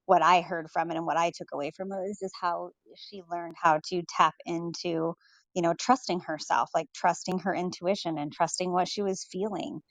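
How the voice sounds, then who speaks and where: A woman guest in an online audio room, speaking gently and earnestly with frequent ums. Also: fairly low pitch, steady tone, normal speed, no echo. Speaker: listener joining the stage. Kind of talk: casual chat.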